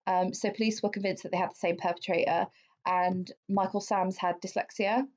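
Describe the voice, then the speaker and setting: Telling a true-crime story on a podcast she co-hosts, a woman speaks fairly quickly in a mid-range, slightly mellow voice with a steady tone. She's chatty, curses freely, and fills her speech with fillers; the sound is dull and lo-fi.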